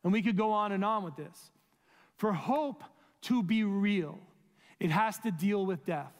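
A man's voice: high-pitched, animated, measured pace. A male pastor preaching a sermon, earnest and pleading, asking his listeners rhetorical questions. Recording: long reverb of a large room.

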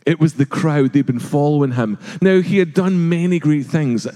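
Mellow-voiced male pastor in a reverberant hall. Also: on the high side, normal speed, hardly any pauses. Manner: earnest, rhetorical questions, acts out quoted voices. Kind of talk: sermon. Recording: long reverb of a large hall.

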